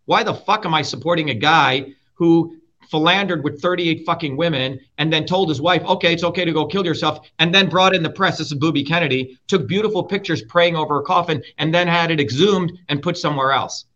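A forceful, fairly high-voiced man argues his case in an interview, emphatic and full of profanity. His voice has a bright, tense edge. The sound is dull and lo-fi, as if from a remote call. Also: a little fast, few pauses. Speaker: guest, political candidate. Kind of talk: heated interview talk. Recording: muffled lo-fi sound.

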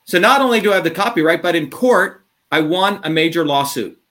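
A man ranting combatively in an interview, profane and heated, swinging between fast bursts and drawn-out words. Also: a little high, animated, fairly bright tone. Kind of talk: impassioned interview talk.

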